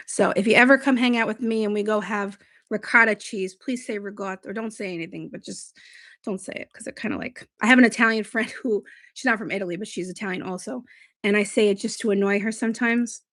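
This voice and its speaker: A woman's voice: medium pitch, fairly quick, a bit bright, no room sound, clean studio sound. A woman hosting a beauty livestream, chatting casually and rambling as she reads viewer comments. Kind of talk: casual live-stream chat, reading viewer comments.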